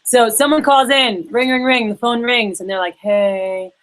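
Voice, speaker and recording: A woman's voice: fairly high pitch, fairly even intonation, a little slow, fairly bright tone, rough recording. A woman leading a sales training workshop, talking casually and acting out phone calls with her reps. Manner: chatty, acts out phone calls in quoted voices.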